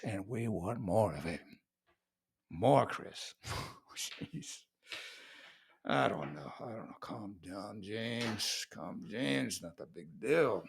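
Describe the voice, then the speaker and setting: A man's voice: mid-range voice, creaky, fairly bright tone, breathy edge. An American man giving a playful, mock-serious comedic monologue as a vlogger, repeating words for effect. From United States.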